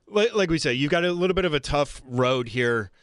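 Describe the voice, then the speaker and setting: A man's voice: a little high, a little fast, dry recording. Sports radio host, male, opinionated and blunt, very dry close-mic studio sound. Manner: opinionated, blunt, animated rants. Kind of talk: sports talk radio chat.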